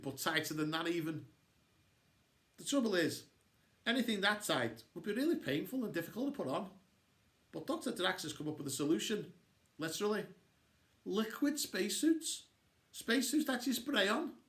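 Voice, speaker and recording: A man reading a children's novel aloud with playful, expressive storytelling. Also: fairly high pitch. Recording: echoey room.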